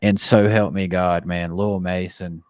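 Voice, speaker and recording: A man's voice: low-pitched, flat delivery, unhurried, no room sound. A man in his thirties, a podcast co-host, telling a loose, profane family story in casual chat.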